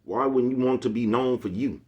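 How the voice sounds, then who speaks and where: A man's voice: mid-range voice, a little fast, darkish tone. Forties man rambling streetwise pep talk. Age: 40s. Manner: rambling, repeats catchphrases, streetwise slang. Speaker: YouTube host. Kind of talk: casual motivational monologue.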